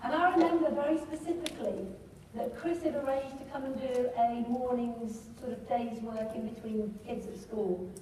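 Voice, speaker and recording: A middle-aged woman tells a motivational story to a hall full of people and keeps asking them questions. Her voice sits a little high and sounds mellow. She is heard from far off in a big echoey hall. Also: moderate pace, slight background noise. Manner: lively storyteller who asks the audience questions. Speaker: speaker at a business training event. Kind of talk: motivational storytelling talk to a live audience. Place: large hall with a live audience.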